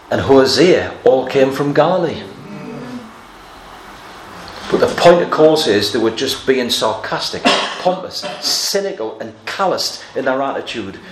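A man preaching a sermon, explaining Bible passages verse by verse with a touch of humor. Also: mid-range voice. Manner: expository Bible teaching with light humor. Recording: echoey room, faint background noise.

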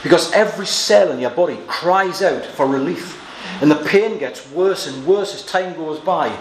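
Reading scripture softly, then pressing each point with abrupt emphasis, an earnest man preaches a Bible sermon at a moderate pace. His voice sits slightly above the typical male range, and a faint hum hangs in the echoey room.

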